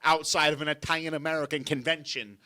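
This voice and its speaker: A man's voice: fairly high pitch, steady tone, quick pace, bright, forceful tone. A man telling a rambling story on a casual podcast, full of stammered restarts and acted-out quotes.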